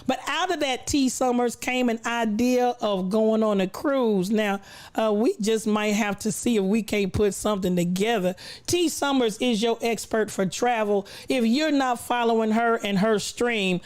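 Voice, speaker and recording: A woman's voice: fairly high pitch, darkish tone. A woman hosting a casual livestream, greeting viewers from the chat with a playful, preacher-like cadence and frequent laughter, her voice a little worn from recently losing it. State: recovering voice, coughing. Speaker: livestream host.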